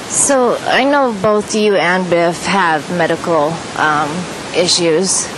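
A woman putting a hesitant question to the speaker, pausing with many fillers. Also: on the low side, a bit bright, a little hiss or hum, rough recording. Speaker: interviewer asking a question.

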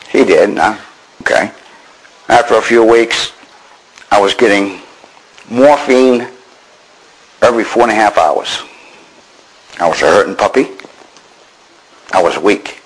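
An older man from Maine recounts his past in a dry, understated way. His voice sits a little low, and his tone stays wry and matter-of-fact throughout. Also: animated, measured pace, pauses often, breathy edge, poor audio. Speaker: veteran telling his war story. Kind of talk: personal storytelling.

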